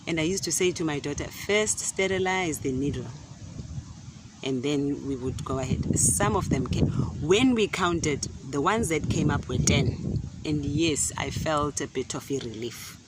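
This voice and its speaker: A middle-aged woman telling a casual story in an animated way, often repeating words and laughing. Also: sits low, noisy background. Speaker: gardening vlogger. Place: outdoor garden.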